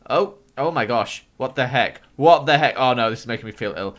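A young man narrates his gaming session in a bright, forward voice. He reacts jumpily, gasping and yelping into high squeals whenever something scares him, then settles back into quick, chatty commentary. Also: animated. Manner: jumpy, squeals and gasps when startled. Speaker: gaming YouTuber. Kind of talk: excitable let's-play commentary.

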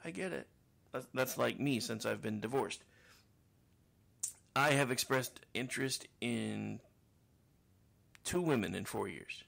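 A man's voice: mid-range voice, creaky, fairly bright tone. A middle-aged man with a trained radio voice, hosting a podcast and telling a long, rambling, self-mocking story full of restarts. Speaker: podcast host. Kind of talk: casual monologue.

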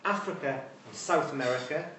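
A man's voice: mid-range voice, brisk, bright, forceful tone, distant mic, a little hiss or hum. Man lecturing in echoey hall. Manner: conversational, wry asides. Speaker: university lecturer. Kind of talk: informal lecture. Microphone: distant room mic.

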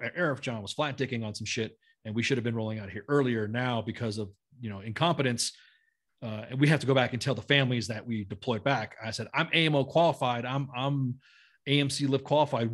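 Middle-aged guy, english not his first language, rattles off blunt salty stories fast. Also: mid-range voice, a bit bright. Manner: blunt, profane, quick-talking. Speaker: podcast guest, retired army sergeant major. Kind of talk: casual storytelling.

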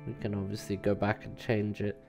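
A man's voice: fairly low pitch, little pitch movement, a little fast, over music. A man giving casual gameplay commentary as a let's play host, rambling and hesitant with many fillers.

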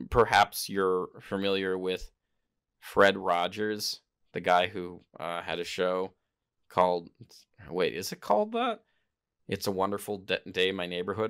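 A man's voice: low-pitched, fairly bright tone, clean tone. A man hosting a casual solo podcast, rambling and hesitant, often stopping to correct himself. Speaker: podcast host. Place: home in Japan.

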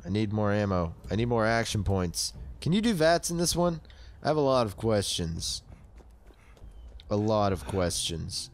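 A man's voice: lowish voice, sing-song, a little slow. A young man in his twenties narrating his own gameplay casually, easily startled and prone to yelps and shrieks. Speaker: let's play gamer.

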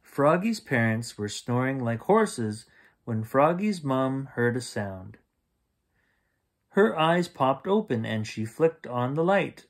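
A man reading a bedtime picture book aloud at an unhurried pace. His voice swings widely, and he plays out every sound effect. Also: medium pitch. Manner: slow and expressive, with sound effects. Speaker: storyteller. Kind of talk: bedtime story read-aloud.

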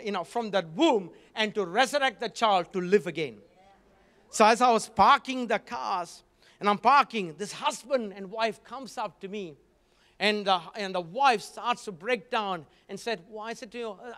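High-voiced male preacher telling a story. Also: long reverb tail. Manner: storytelling preacher, animated with frequent asides. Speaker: guest preacher. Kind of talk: sermon.

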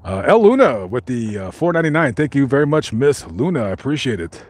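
A man hosts a live stream, working through viewer comments in a loose, joking ramble that keeps doubling back on itself. His pitch swings widely from phrase to phrase. The sound is dry and close, with no room echo. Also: very animated, fairly quick, a little mellow. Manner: rambling, joking, lots of fillers and restarts. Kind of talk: casual live chat, reading viewer comments.

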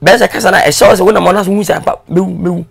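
A man being interviewed, telling his story in a casual, animated way and switching into English now and then. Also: high voice, rapid-fire, gravelly, crowd noise. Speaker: guest.

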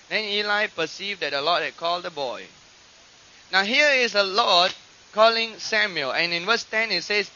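A man preaching a sermon, teaching from scripture and acting out quoted voices with animated emphasis. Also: high voice, brisk. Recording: dull lo-fi archive recording.

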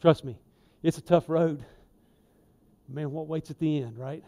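A man preaching a sermon in a church, folksy and conversational, with emphatic asides and swings in loudness. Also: fairly high pitch, a little slow. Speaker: lay preacher. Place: church sanctuary.

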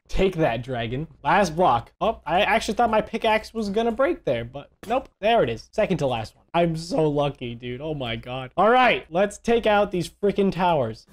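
A young man giving excitable commentary while playing a video game, taunting enemies and yelling in panic. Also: high voice, normal speed, faint music behind. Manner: excitable, yells and taunts mobs. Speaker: gaming YouTuber. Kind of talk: gaming commentary.

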